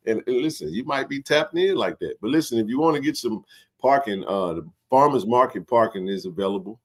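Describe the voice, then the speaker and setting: A man hosting a casual sports livestream, animated and joking in colloquial speech. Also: on the low side, normal speed. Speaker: sports talk show host.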